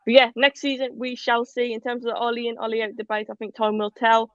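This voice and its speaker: A woman co-hosting a casual live football talk show, chatty and animated, reading out viewer comments. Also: on the high side, quick pace, no room sound, dull audio. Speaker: podcast co-host.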